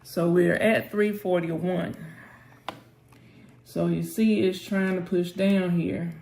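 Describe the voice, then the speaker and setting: A woman's voice: on the low side, steady tone, slow pace, vocal fry, darkish tone, a little hiss or hum. A woman hosting a live trading session, calling out prices and urging the chart on with short prayers and terms of endearment. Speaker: trading channel host. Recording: roomy echo with faint music.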